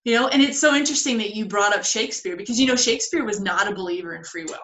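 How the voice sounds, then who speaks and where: A woman's voice: mid-range voice, very fast, fairly bright tone. A woman co-hosting a spiritual podcast, explaining ideas step by step in casual chat. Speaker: podcast co-host. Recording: roomy echoey audio.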